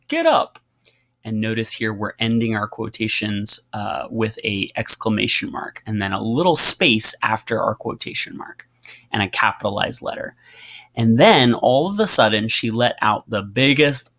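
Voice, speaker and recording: Man teaching punctuation with lively read-alouds. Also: lowish voice. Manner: explains patiently with many fillers, reads excerpts with lively emphasis. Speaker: writing teacher. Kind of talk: classroom lesson reading examples aloud.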